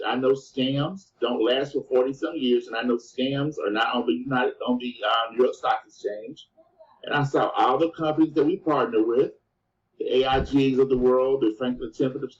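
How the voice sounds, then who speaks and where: A man giving a motivational sales presentation, telling his story in an animated way and often calling the listeners "guys" and "man". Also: medium pitch. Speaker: business presenter. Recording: distant, dull lo-fi sound.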